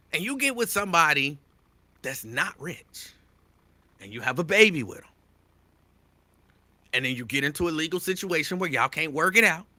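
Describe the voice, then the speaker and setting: Sitting high in pitch with no echo around him, a male talk show host speaks directly to his audience as "y'all." He pushes his opinions with animated emphasis, saying his points again and again.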